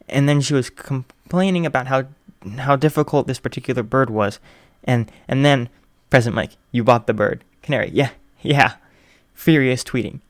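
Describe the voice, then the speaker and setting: A man's voice: medium pitch, dry recording, studio quality, close to an everyday voice. Guy reading as a nervous stammery teen boy, shy and flustered.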